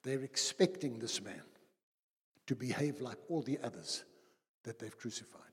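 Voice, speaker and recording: A man preaching a sermon as pastor, dramatic, slowing for quotes and quickening in anecdotes. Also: mid-range voice, animated. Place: church hall. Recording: husky voice in a long-reverb church hall.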